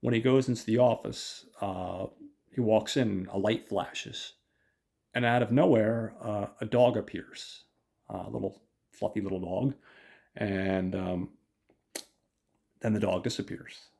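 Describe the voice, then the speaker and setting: A man's voice: fairly low pitch, steady tone, unhurried, creaky, long pauses, darkish tone. A man hosting a podcast, casually recapping an episode in a hesitant way with many fillers. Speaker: podcast host.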